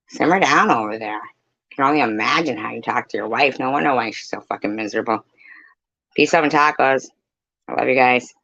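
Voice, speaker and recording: A woman's voice: very deep voice, a bit bright, dry recording. A woman streamer talking to her viewers in a blunt, heated, profane rant. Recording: dull, lo-fi, dry mic.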